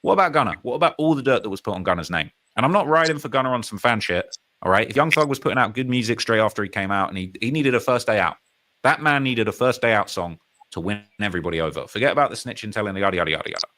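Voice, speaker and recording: A man's voice: lowish voice, racing. A British man hosting a live stream, commenting casually and emphatically on rap news and reading out chat comments. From United Kingdom. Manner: animated, emphatic, repeats phrases, reads comments aloud.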